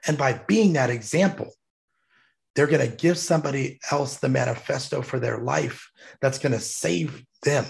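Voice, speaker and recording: Gravelly-voiced man, heartfelt storyteller. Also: mid-range voice, normal speed. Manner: heartfelt, emphatic, choked up at times. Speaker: guest, military veteran. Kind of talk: emotional storytelling.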